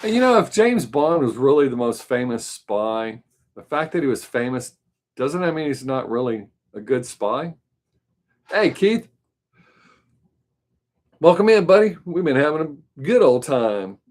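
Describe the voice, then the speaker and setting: A man's voice: mid-range voice, animated, moderate pace. A man with a mild Southern US accent hosting a live stream, chatting casually with viewers in a loose, rambling way. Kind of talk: casual chat answering viewers.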